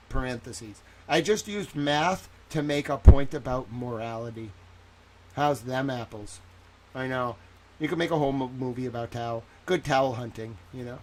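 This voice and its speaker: A man giving casual livestream commentary on a trial. He is excitable, rambling and jokey, and swears often. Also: medium pitch, a little hiss or hum.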